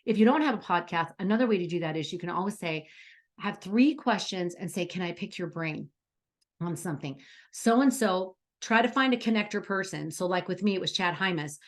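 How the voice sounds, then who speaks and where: A woman's voice: on the low side, lively intonation, fairly quick. A middle-aged woman coaching aspiring speakers in a bubbly, enthusiastic, chatty way, full of stories. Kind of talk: coaching lesson.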